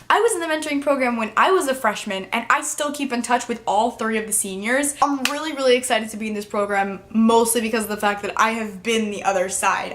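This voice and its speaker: A woman's voice: fairly high pitch, fairly bright tone. A teenage girl talking to camera in a casual vlog, bubbly and chatty, full of filler words and sometimes close to tears. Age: teens. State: emotional, near tears at times. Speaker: vlogger.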